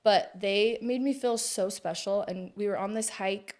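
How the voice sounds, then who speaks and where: A woman in her thirties chatting as a podcast guest. Her pitch sits in an ordinary middle range. She talks in a loose, chatty storytelling way and laughs easily. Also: a little slow, a little mellow. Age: 30s. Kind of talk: casual conversation.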